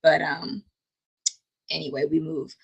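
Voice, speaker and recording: A woman's voice: low-pitched, little pitch movement, unhurried, creaky, breathy edge, muffled recording. A woman hosting a casual anime recap, laughing often and playfully scolding the characters. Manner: exasperated, scolding asides.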